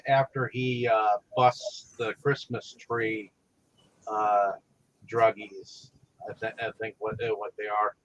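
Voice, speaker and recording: A man co-hosting a casual movie discussion podcast, talking in halting bursts with many restarts. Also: lowish voice, flat delivery, a bit bright, dull audio. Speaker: podcast co-host.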